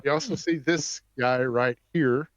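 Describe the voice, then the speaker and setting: A man narrating as game master of a tabletop game, pausing often with ums and restarting his sentences. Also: mid-range voice, no echo. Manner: halting, many ums and restarts while describing scenes. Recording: dull lo-fi dry sound.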